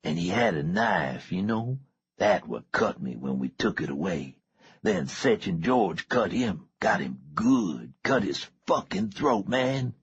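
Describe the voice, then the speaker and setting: Man voicing a boastful hurt teen gangster, husky strained throat, slow drawl, dull lo-fi recording. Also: sits low, sing-song, voice pushed up, exaggerated voice. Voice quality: husky whisper, street slang. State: sore throat. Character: injured teenage gang boy, boastful.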